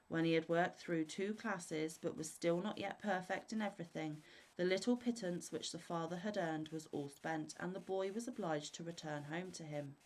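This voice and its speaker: A woman reading fairy tales aloud in a steady, measured way. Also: fairly low pitch, rough recording. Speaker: storyteller.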